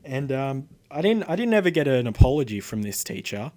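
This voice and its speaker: A man's voice: mid-range voice, sing-song, fairly quick, darkish tone. Indignant Australian teenage boy ranting. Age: teens. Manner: indignant, rambling, lots of fillers and swearing. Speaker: vlogger. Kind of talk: casual storytelling to camera.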